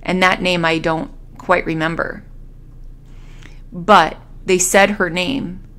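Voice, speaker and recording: A woman tarot reader telling a vision as a story, slowly and hesitantly, with many fillers and restarts. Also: lowish voice, flat delivery, a bit bright.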